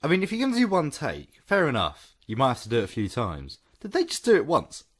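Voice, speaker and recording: A man co-hosting a podcast in casual chat, animated and joking, laughing often. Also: medium pitch, fast. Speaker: podcast co-host.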